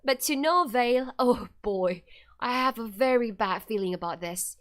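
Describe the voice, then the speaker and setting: A woman's voice: on the high side, expressive, moderate pace, a bit bright. A woman streamer reading a horror visual novel aloud in first person, breaking off into playful, chatty asides and attempts at a British accent.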